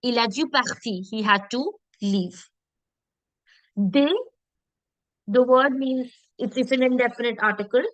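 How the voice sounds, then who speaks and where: A woman teaches an online French lesson, explaining things step by step and frequently checking in with her students. Her voice is a little high, and she slows down to model French words carefully. The recording is dry and muffled.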